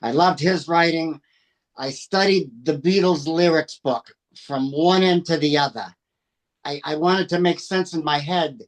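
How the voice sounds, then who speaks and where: A middle-aged man from New Hampshire, appearing as a guest, with a slightly high voice. He looks back on his past at a slow, relaxed pace, pausing often with fillers. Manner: unhurried, with frequent fillers. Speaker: guest singer-songwriter. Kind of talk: relaxed storytelling.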